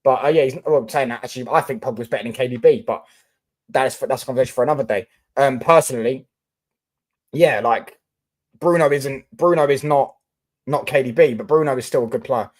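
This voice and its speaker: A man's voice: medium pitch, fairly quick. A young man live-streaming about football, chatting casually and answering viewer comments with lots of fillers and restarts.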